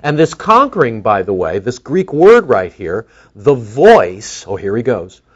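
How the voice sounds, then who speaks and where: A man's voice: medium pitch, very animated, unhurried, muffled recording. A man preaching a sermon, teaching with rhetorical questions to his congregation.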